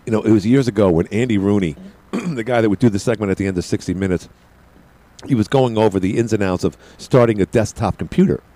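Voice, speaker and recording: Middle-aged guy hosting call-in radio, lowish mellow voice, rambly, keeps stammering. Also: fast talker. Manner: rambling, stammering with repeated words. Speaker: radio talk show host.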